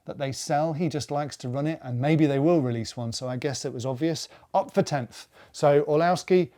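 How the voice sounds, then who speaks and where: A man's voice: a little high, normal speed, dark tone. A man co-hosting a casual racing news show, chatty and joking as he reads headlines. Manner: chatty, jokey, thinks aloud. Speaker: news co-host.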